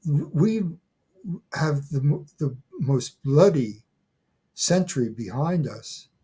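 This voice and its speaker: Old man in his 80s, slow and halting, mellow husky voice, keeps restarting his words. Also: fairly high pitch, big pitch swings. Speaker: guest, folklore scholar. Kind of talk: conversational interview.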